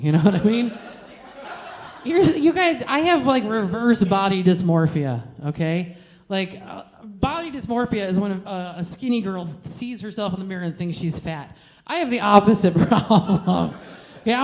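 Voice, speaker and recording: A woman performs stand-up on stage with a brash, crude, self-mocking delivery. Her pitch sits in the middle range, neither high nor low. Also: a little mellow, a little hiss or hum. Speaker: stand-up comedian. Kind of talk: stand-up comedy set.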